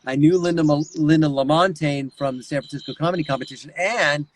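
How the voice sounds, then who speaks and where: Voice actor guy chatting on a podcast, animated, slightly high voice. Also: quick pace, dry recording, rough recording. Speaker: guest voice actor. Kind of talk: casual interview chat.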